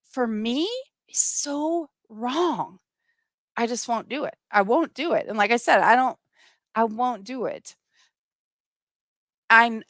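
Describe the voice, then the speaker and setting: A woman's voice: high-pitched, pushed and bright, no echo. A middle-aged woman hosting a livestream, talking earnestly and with passion to her viewers and reading out their comments. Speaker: livestream host. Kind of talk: live-streamed personal talk to viewers.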